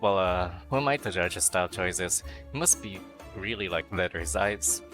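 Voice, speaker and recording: Bright-voiced man streaming a dating sim. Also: deep voice, normal speed, soft background music. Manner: playful, crude jokes, silly noises. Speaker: VTuber game streamer. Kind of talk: reading a dating sim aloud with joking asides.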